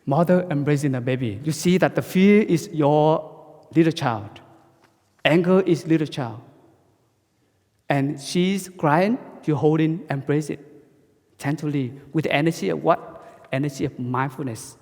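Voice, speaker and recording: Monk in a reverberant hall. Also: male voice, a little high, a little mellow. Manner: halting, simple English with frequent restarts. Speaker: Buddhist monk giving a dharma talk. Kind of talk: dharma talk.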